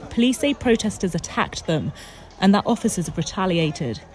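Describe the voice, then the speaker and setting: A reporter gives a measured, formal news report. It is played back from a news clip. The voice sits at a middle pitch. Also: expressive, crowd noise, noisy background.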